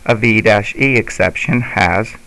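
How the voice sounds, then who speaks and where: A male teacher giving a slow, patient instructional lesson. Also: fairly low pitch, gravelly, fairly bright tone, low-quality recording.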